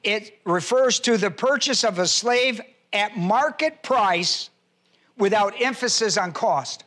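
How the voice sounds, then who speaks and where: A man preaching a sermon, citing scripture references and slowly repeating key phrases for emphasis. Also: high voice, expressive, fairly bright tone. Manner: spells out words and cites scripture references in a teaching tone. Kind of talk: sermon teaching.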